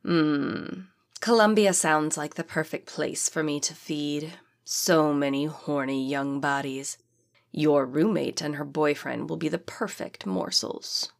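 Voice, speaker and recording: An ancient female demon spirit gloats in a low, drawn-out voice, as a woman narrator puts her on. She savors every word with slow, seductive menace. This is an audiobook read. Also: vocal fry, exaggerated voice. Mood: menacing, gloating. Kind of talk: audiobook character reading.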